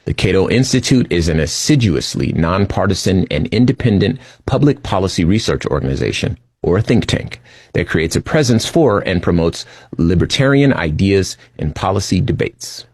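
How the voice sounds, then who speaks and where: A man giving casual commentary, reading data aloud in a relaxed way, with frequent fillers. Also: low voice, normal speed, breathy edge, no echo.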